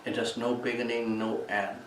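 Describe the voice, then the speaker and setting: A male meditation teacher giving a calm Buddhist Dhamma talk at a retreat, repeating and restating key terms as he explains them. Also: mid-range voice, moderate pace. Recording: echoey room, mic at a distance, faint background noise.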